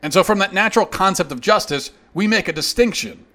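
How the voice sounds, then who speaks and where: A man's voice: high-pitched, animated, a little fast, sharp tone. A man hosting a show, delivering a heated, sarcastic opinion monologue in reply to a critic. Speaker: host.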